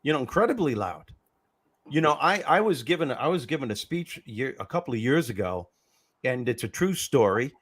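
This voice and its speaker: A man's voice: medium pitch, lively intonation, a little fast, fairly bright tone, slightly rough. A man hosting a podcast conversation, telling stories with emphasis. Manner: emphatic storyteller. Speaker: host.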